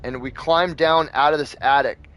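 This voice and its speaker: A man's voice: a little high, steady tone, moderate pace, a bit bright. A man hosting a gaming channel, telling a rambling story in a casual, profane way with plenty of fillers.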